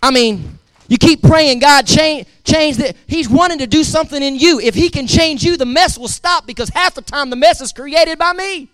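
A man's voice: very high-pitched, normal speed, fairly bright tone, dry recording. A male pastor preaching a sermon, emphatic and repetitive, talking straight to his congregation.

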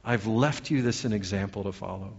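A man's voice: lowish voice, fairly quick, creaky, darkish tone, slightly rough, lo-fi sound. Earnest man preaching a sermon. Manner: earnest, asks the congregation many questions. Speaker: pastor.

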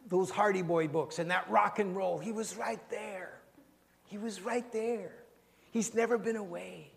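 Older male pastor, slightly high voice, gentle and soft-spoken, recorded in a long-reverb hall. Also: gravelly. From Canada. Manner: gentle, unhurried, repeating phrases, often dropping very soft. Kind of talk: sermon and prayer. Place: church sanctuary.

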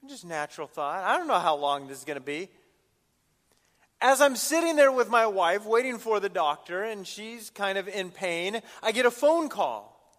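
A male pastor delivering a sermon with a slightly high voice. He reads scripture and tells stories in an easy, conversational manner. His voice carries a long reverb from the hall. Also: sing-song, unhurried, long pauses, fairly bright tone. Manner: storytelling, conversational.

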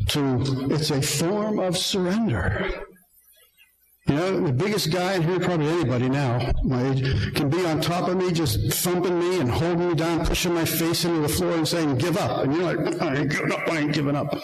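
A man's voice: a little high, roomy sound, low-quality recording. An older man preaching to men in an earnest, conversational way, telling self-deprecating stories from his own life. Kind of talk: sermon to men.

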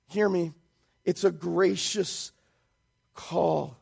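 A man preaching a sermon as pastor, swinging from hushed pleading to loud shouted emphasis. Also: high-pitched, fairly even intonation, drawn-out words, creaky, husky.

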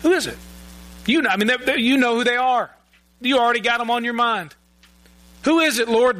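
A man's voice: very high-pitched, lively intonation, normal speed, long pauses, bright, forceful tone, rough recording. A male pastor giving a sermon in a church, earnest and often repeating words as he searches for his phrasing. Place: church sanctuary.

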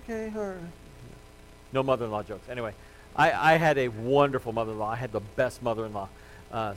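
A man's voice: a little high, a bit bright, a little hiss or hum, poor audio. A male pastor preaching a sermon in a conversational, joking way, reading scripture aloud.

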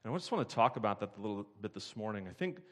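A man preaching a sermon as a pastor, praying and telling a lively story in which he acts out the people in it. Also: lowish voice, rapid-fire. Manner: animated storyteller who acts out characters.

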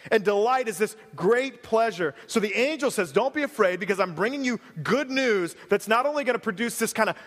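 A pastor giving a conversational sermon with casual asides and relaxed, everyday phrasing. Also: male voice, sits high, a little fast, few pauses, big-room sound.

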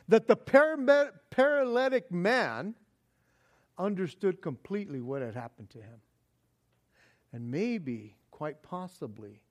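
A male preacher with a high voice for a man works through a sermon like a story. He throws out incredulous rhetorical questions and chuckles, then settles into quiet, reflective passages.

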